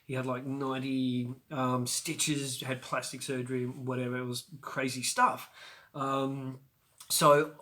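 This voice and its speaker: Bright-voiced animated male storyteller. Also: medium pitch, measured pace. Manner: animated, acts out scenes with sudden loud outbursts; chatty with frequent fillers and restarts. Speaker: show host. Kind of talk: personal storytelling to camera.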